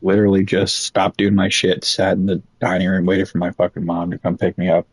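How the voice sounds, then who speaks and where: Young man, low voice, dry close sound, swearing a lot, rambling storytelling. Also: brisk, breathy edge, dry recording, low-quality recording. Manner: profane, rambling, animated quoting of others. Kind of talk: casual storytelling.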